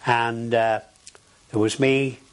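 Older man, oral history interview, rambling storyteller, lots of pauses and fillers, talks of his days at sea. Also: medium pitch, flat delivery.

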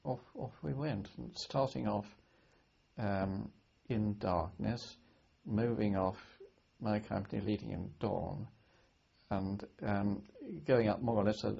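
An older man from Britain, a war veteran, recalling his service in an oral history interview, speaking haltingly with many restarts and repeated words. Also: on the low side, fairly even intonation, creaky, breathy edge. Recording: dull lo-fi archive recording.

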